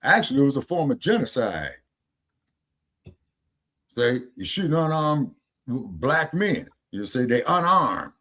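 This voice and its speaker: Hosting a casual podcast, a man presses his points emphatically, almost preachy, repeating himself and checking "you see what I'm saying?" His mid-range, fairly bright voice swings widely in pitch, with a measured pace and frequent pauses.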